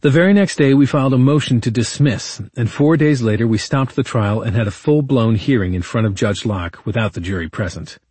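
A man narrating his own legal case as a first-person true-crime audiobook, in a measured, indignant storytelling manner. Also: mid-range voice, a little mellow, breathy edge, no echo.

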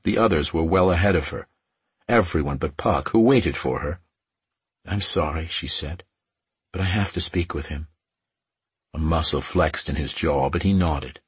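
Low, husky male audiobook narrator. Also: dry recording. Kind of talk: scripted narration.

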